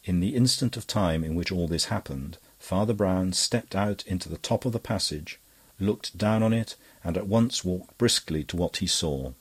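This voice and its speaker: Low, husky male audiobook narrator. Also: moderate pace. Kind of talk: scripted narration.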